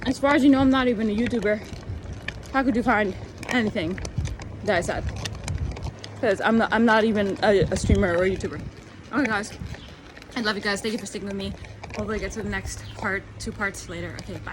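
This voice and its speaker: A young woman vlogger telling a casual storytime rant, animated and exasperated, rambling with many fillers. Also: mid-range voice, quick pace, long pauses, background noise.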